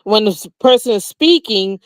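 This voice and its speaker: A woman's voice: medium pitch, lively intonation, moderate pace, no room sound. A woman chatting casually as a co-host, commenting and repeating phrases with mocking quotes.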